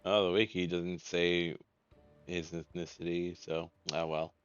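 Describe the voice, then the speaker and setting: A man chatting casually over his game, rambling and second-guessing himself as he goes. His voice is low and smooth. The sound is dry but slightly dull, with game music behind. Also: flat delivery, a little slow, dry recording. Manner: rambling, stumbling, self-questioning. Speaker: let's play host.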